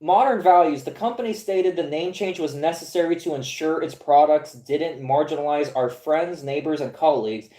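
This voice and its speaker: Here the podcast host, a woman in her 20s who covers comics, has a low, dark-toned voice, moving at a moderate clip with few pauses. Reading aloud from a screen in rambling commentary, she curses in disbelief and stammers as she restarts lines, all in a reverberant space.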